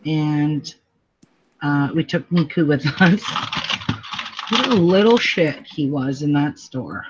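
A woman's voice: low voice, animated, takes it slowly. A middle-aged woman hosts a casual quilting tutorial at home, chatting and laughing often as she tells stories while she sews. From Canada. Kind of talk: casual craft tutorial chat. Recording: dull lo-fi recording with faint noise.

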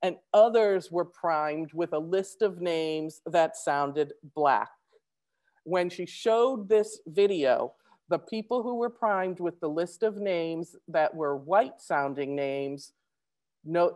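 A woman giving a conference presentation, talking fast with many restarts and fillers. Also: low-pitched, darkish tone.

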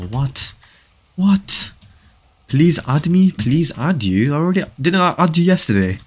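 A young man, streaming a game live and reading viewer chat aloud, teasing and bantering with his audience. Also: medium pitch. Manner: joking banter, teasing viewers, frequent laughs.

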